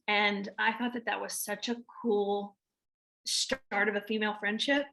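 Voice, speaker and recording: A woman's voice: mid-range voice, flat delivery, measured pace, pushed and bright. A woman with a Southern American accent, an actress answering interview questions in a chatty way with many restarts and fillers. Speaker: actress guest.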